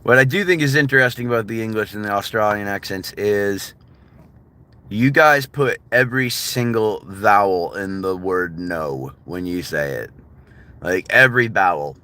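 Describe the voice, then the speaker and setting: A man's voice: fairly low pitch, normal speed, bright, forceful tone. A man chatting casually with viewers on a livestream, rambling, laughing often and swearing freely. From United States. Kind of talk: casual live-stream chat with viewers.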